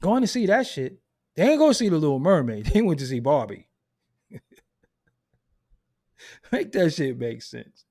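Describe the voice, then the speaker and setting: A man hosting a hip hop commentary channel, delivering a loud, profane, unfiltered rant and laughing at his own points. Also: fairly high pitch, very animated, moderate pace, pauses often. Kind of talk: unfiltered ranting monologue.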